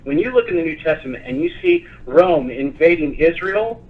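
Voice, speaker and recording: A man appearing as a guest on a talk show, speaking in a passionate, animated way. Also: high-pitched, moderate pace, creaky, phone-quality sound. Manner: passionate, animated, lively storytelling.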